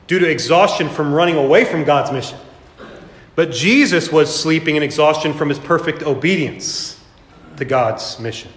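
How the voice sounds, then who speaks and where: A man's voice: a little high, fairly bright tone. A middle-aged man preaching a sermon as a pastor, with earnest emphasis that rises and falls. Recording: echoey hall, long reverb.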